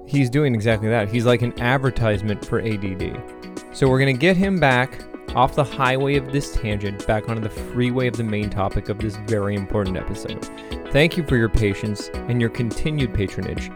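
A man's voice: a little fast, music in the background, lightly acted. A man putting on the voice of a formal show announcer who apologizes to the audience. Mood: apologetic. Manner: formal apologetic announcer patter, lower and quieter.

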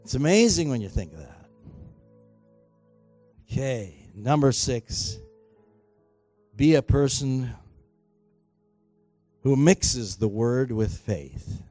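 A man preaching a sermon as pastor in a church, emphatic and swinging between quiet and loud exhortation, urging the congregation to respond. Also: medium pitch, expressive, slow, pauses often, no echo, faint music behind. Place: church sanctuary.

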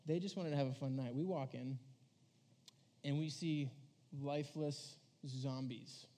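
A man's voice: medium pitch, mellow. A young man giving a casual storytelling sermon to a youth crowd, rambling and filling his talk with "like" as he acts out quoted voices. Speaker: youth preacher.

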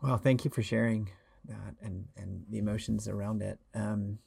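A man hosting an interview, asking attentive, soft-spoken questions. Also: on the low side, fairly even intonation, normal speed, gravelly, breathy edge. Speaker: host. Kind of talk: podcast interview.

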